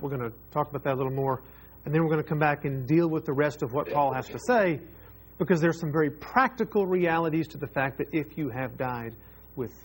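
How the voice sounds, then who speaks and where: A man's voice: fairly high pitch, slight background noise. A man preaching a sermon as pastor, earnest and repeating phrases for emphasis.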